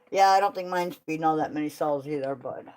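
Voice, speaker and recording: A woman's voice: sits low, a little mellow. Blunt, tired woman chatting during chores. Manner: blunt, frank, swears casually. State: tired, with back pain. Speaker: kennel owner doing chores. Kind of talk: casual chat while doing chores.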